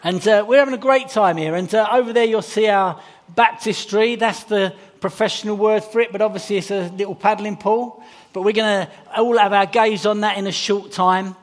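English pastor guy, high-ish voice, chatty carol service sermon, slows down reading the bible bits. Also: steady tone. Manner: chatty and jokey, slowing for scripture reading. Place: church hall before a congregation.

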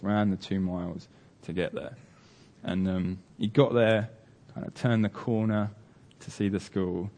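A man's voice: fairly low pitch, a little mellow. A man preaching a sermon, telling a story earnestly with many fillers and restarts.

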